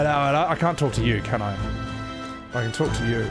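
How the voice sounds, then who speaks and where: A man's voice: medium pitch, fairly quick, long pauses. A young man giving chatty, swearing let's-play commentary while talking to his chat. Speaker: streamer. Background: game music.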